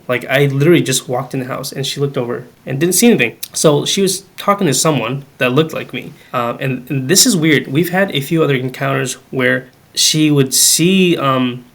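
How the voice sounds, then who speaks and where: A young man, a podcast guest, telling a family ghost story in casual chat, full of "like" and "um" and acting out the dialogue he quotes. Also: mid-range voice. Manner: animated, acts out quoted dialogue; many fillers like "like" and "um".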